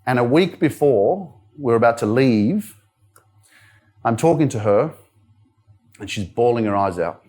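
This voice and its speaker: An Australian man in his younger years speaks at a live motivational event. He tells his own story in a loose, candid way, full of "like" and "you know". His voice sits at an ordinary middle pitch. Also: lively intonation, unhurried, long pauses, a little mellow. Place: wellness centre event room.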